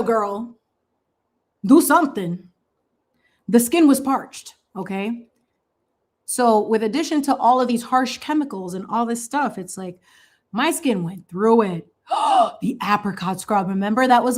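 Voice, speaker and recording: A woman in her thirties hosting a craft channel, chatting casually in a sassy, animated way with slangy asides and frequent laughs. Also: fairly high pitch, moderate pace.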